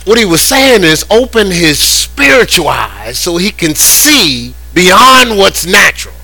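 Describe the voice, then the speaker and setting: A man preaching a sermon in a conversational, animated way, often repeating words as he goes. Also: sits high, unhurried, gravelly, poor audio. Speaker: pastor.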